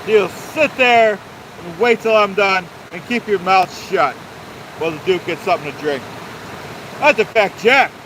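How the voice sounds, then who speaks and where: A man's voice: sits high, expressive, normal speed, pushed and bright, slight background noise, rough recording. A man hosting a live stream outdoors by a waterfall, talking pompously about himself in the third person and repeating his points in a mock-authoritarian way. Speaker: livestream host. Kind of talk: live-streamed rant reading chat.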